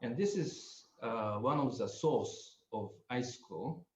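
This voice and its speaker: A man's voice: mid-range voice, lively intonation. Older Japanese-accented man, hesitant lecturer. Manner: hesitant, many pauses and fillers. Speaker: guest lecturer. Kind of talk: webinar presentation. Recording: roomy, slightly muffled audio.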